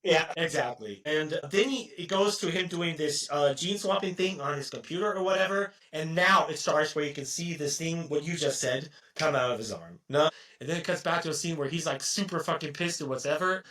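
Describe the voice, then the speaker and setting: A man with a rather high, bright and forceful voice chats casually as a podcast co-host. He rambles through a film plot, swears freely and keeps ending phrases with a questioning "no?". His voice sounds a bit distant from the microphone. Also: a little fast, few pauses. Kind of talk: casual chat retelling a film. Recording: voice distant from the mic.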